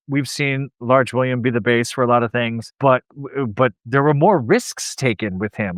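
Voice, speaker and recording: A man's voice: mid-range voice, a bit bright, dry recording. A man co-hosting a podcast that breaks down a wrestling show, chatting casually, jokey and rambling. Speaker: podcast co-host.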